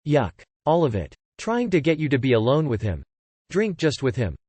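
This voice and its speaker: A man narrating online forum posts aloud in a steady, scripted reading style. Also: mid-range voice, moderate pace, slightly rough, no room sound.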